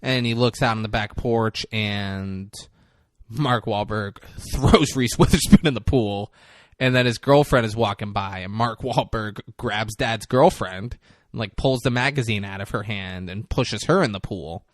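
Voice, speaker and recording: A man hosting a podcast, casually recapping a movie scene by scene with lively, profane storytelling. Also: fairly low pitch, unhurried, dry recording, clean studio sound. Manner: animated storytelling, swears freely, acts out characters' lines. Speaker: podcast host.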